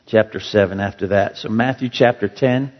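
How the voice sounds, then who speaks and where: A man's voice: on the low side, normal speed, long reverb tail, muffled recording. A male pastor preaching a sermon in a church, earnest and storytelling, leaning hard on key words. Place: church sanctuary.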